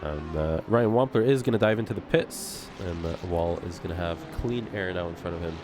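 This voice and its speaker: Male live race caller, low-pitched, easygoing with lots of "uh"s, noisy feed. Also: a little fast. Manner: relaxed, chuckling, trailing off with fillers. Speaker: sim racing commentator.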